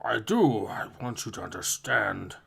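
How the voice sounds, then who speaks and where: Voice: medium pitch, expressive, measured pace, gravelly, fairly bright tone, slightly rough, pitched below the performer's own voice, heavily acted. A reader voicing an earnest, apologetic alien pilot in a comic read-aloud.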